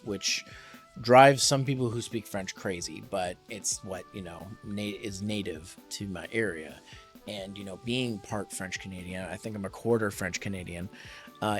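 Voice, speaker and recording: A young adult man streaming a game, chatting casually and rambling with many fillers. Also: lowish voice.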